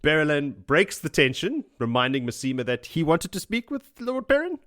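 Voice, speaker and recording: A podcast host recaps a book chapter by chapter, chatty and joking and laughing often. His voice is a little high and sing-song, with a fairly bright tone at a moderate pace, recorded dry at studio quality.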